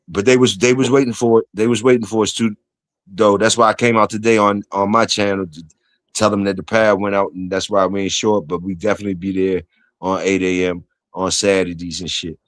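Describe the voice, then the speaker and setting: A man's voice: on the low side, level tone, a little fast, no room sound. A man hosting a casual livestream, talking in slangy, profane, repetitive banter to his chat and guests. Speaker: livestream host.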